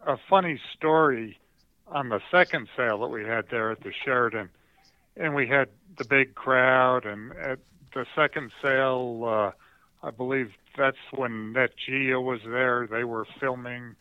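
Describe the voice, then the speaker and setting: A man's voice: medium pitch, unhurried, clean tone, dry recording. Auctioneer man over a phone-like line. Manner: anecdotal storyteller. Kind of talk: conversational podcast interview.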